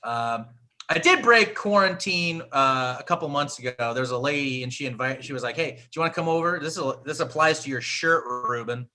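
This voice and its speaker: Male comedian guest, lively animated delivery, crude self-mocking jokes. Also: mid-range voice, moderate pace. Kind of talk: stand-up bits on a live show.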